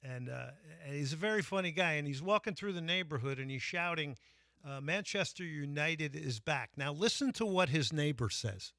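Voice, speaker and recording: A man hosting sports talk radio in a casual monologue. His voice is fairly high, gravelly and bright, and it sounds close and dry. He talks chattily, stumbling over fillers and restarts as he goes. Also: expressive, fairly quick, no room sound.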